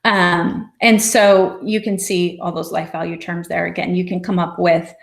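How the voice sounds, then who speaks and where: A middle-aged woman, a family therapist, giving a parenting talk in a gentle, encouraging way, sometimes acting out short exchanges with a child. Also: lowish voice, level tone, moderate pace, creaky. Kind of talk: presentation with slides.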